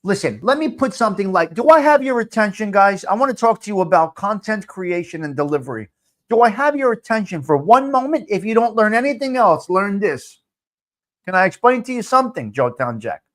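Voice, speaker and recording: A man's voice: high voice, very animated, brisk, a bit bright. Blunt, swearing male live-stream host. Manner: profane, repetitive ranting; blunt and fired up. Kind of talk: casual live-stream chat answering viewer comments.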